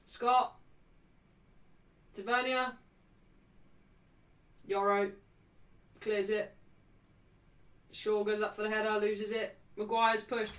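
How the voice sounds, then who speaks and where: A woman hosting a football watchalong stream, calling the play, cheering loudly and joking brashly with her live chat. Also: mid-range voice, slow pace, long pauses. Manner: excitable, shouting cheers at big moments. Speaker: livestream host.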